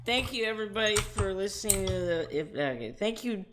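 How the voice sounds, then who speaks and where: A man's voice: sits high, lively intonation, a little fast, a loud crowd. A teenage boy co-hosting a goofy amateur podcast, rambling and joking through his lines. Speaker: podcast co-host.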